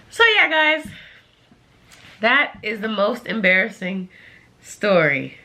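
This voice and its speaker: A young woman vlogger telling a casual storytime, animated and slangy, swearing freely and talking straight to her viewers. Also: mid-range voice, drawn-out words, pauses often. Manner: addresses viewers directly.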